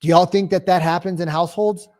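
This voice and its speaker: Speaking fast in a high voice, a man runs an energetic sales training session on real estate. He plays out phone calls and clients and swears in a casual way.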